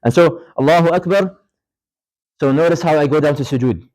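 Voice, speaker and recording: A man's voice: on the high side, a little fast, a little mellow, poor audio. Man teaching a live mosque class. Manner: informal, asks the class questions, repeats points; switches in short Arabic phrases and recitations. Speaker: religious teacher. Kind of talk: classroom lecture with live demonstration. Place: mosque hall.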